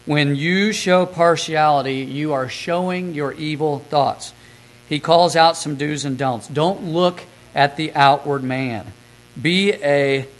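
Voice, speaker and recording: Man preaching, scripture and soft asides. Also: fairly high pitch, low-quality recording. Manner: reads scripture aloud, then retells stories in a soft, quick aside. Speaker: preacher recapping a sermon. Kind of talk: sermon.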